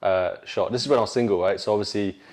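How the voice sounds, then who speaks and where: A man's voice: fairly low pitch, steady tone, quick pace, darkish tone. A young man, a fitness coach co-hosting a casual podcast, rambling loosely with plenty of "you know what I mean".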